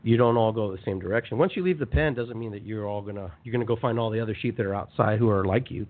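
A man hosting a motivational spiritual talk show, speaking in an animated, conversational way and repeating phrases for emphasis. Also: fairly low pitch, fast talker. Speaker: radio show host. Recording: tinny phone-line sound.

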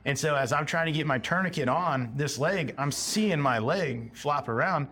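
A man's voice: fairly high pitch, normal speed, pushed and bright. American man telling a war story. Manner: casual storytelling, acts out his own past lines. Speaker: guest, military veteran. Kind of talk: personal war story told in conversation.

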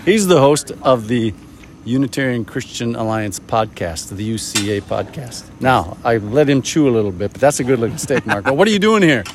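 A man's voice: medium pitch, lively intonation, normal speed, noisy background. A man going around a camp doing casual on-the-spot interviews, upbeat and joking. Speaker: event reporter interviewing attendees. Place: outdoor camp.

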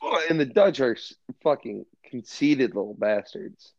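A man co-hosting a casual podcast, profane and animated as he tells stories. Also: medium pitch, a little slow, no echo. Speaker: podcast co-host. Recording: dull lo-fi sound.

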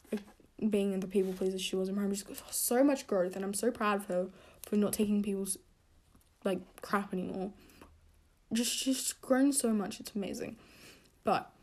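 A young woman hosting a casual podcast rant, rambling with many fillers and self-corrections, getting animated as she tells a story. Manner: animated storytelling, pitch jumping when excited. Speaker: podcast host.

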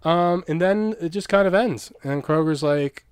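A man's voice: a little high, a little slow, clean tone, dry recording. A young man co-hosting a podcast, rambling through a story with frequent laughs and swearing. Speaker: podcast co-host. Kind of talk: casual chat.

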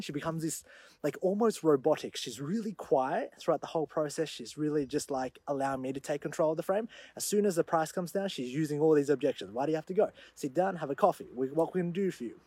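A man hosting his own show, telling a story in an animated monologue that grows loud when he retells the confrontation. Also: on the high side, slightly rough, no room sound. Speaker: podcast host.

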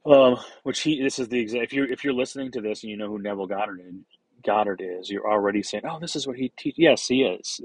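A man's voice: fairly low pitch, husky, no echo, rough recording. A man hosting a solo podcast, talking casually in a rambling way with many fillers, restarts and casual swearing. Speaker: podcast host.

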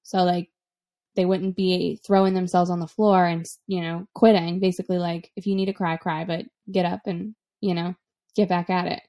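Chatty young mom co-hosting a podcast. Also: female voice, lowish voice, moderate pace. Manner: relaxed, chatty, laughs often. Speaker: podcast co-host, mother. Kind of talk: casual chat.

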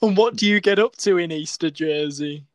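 A man co-hosting a comedy podcast. His voice sits a little high and he swears freely while teasing his co-host. The recording is dry and close. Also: normal speed, no room sound. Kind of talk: casual comedy podcast banter.

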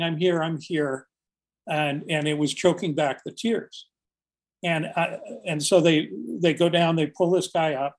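An older man, a search and rescue volunteer, telling a story in a casual, earnest and reflective podcast conversation. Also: fairly high pitch. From United States.

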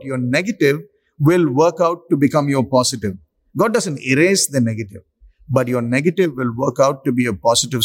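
A man preaching a sermon, slow and emphatic, with long pauses for effect. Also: medium pitch.

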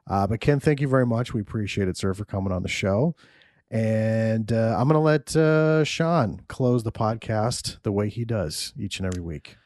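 Male podcast host, deep-ish, casual and profane, dry mic. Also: moderate pace, darkish tone, dry recording. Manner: loose and profane, laughs often.

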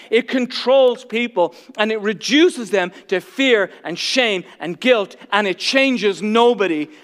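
A stern, unbending male teacher, voiced by a preacher, pounding out his declarations. His high voice booms and echoes through a large hall. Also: full character voice. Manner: forceful, emphatic declarations. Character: stern, unyielding male teacher rebuking hypocrites.

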